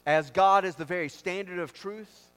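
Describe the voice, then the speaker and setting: A man's voice: sits high, steady tone, normal speed, fairly bright tone, clean tone. A man preaching a sermon as pastor, with an emphatic, repetitive cadence. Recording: long reverb of a large hall.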